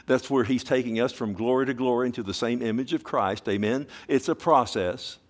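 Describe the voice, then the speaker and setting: A man's voice: mid-range voice, a little fast. A man preaching a sermon, firing rhetorical questions at the congregation and repeating key words fervently. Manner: sweeping from loud emphasis down to hushed tones.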